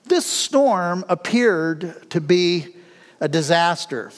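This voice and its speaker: A middle-aged male pastor preaching with a high, lively voice that swoops up and down. He talks in a folksy, animated way and laughs between his lines. The sound carries a long hall reverb. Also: slow pace. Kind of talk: sermon.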